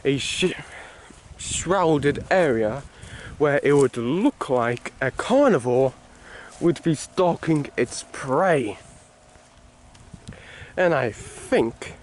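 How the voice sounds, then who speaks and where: A man's voice: medium pitch, a little hiss or hum. A man casually talking through a video game as he plays it, rambling and restarting his sentences. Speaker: gaming video host.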